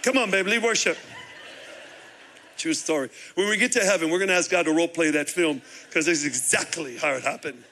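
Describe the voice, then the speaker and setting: A male preacher with a high, bright voice delivers a sermon with animated storytelling. He acts out the voices in his story and climbs into fervent, emphatic preaching. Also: a little fast. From Chicago. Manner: animated, acts out dialogue, builds to shouted preaching. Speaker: guest pastor.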